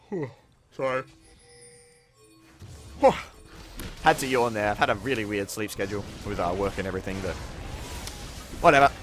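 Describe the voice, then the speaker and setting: Speaking in a lowish voice, this young man gives relaxed commentary on the game he's playing, cursing freely and breaking into sudden excited outbursts.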